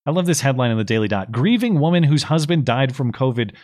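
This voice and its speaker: A man co-hosts a talk show with a sarcastic, argumentative edge. His voice sits at a middle pitch, and he speaks in a relaxed commentary style. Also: fast. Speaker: podcast co-host. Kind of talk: political commentary chat.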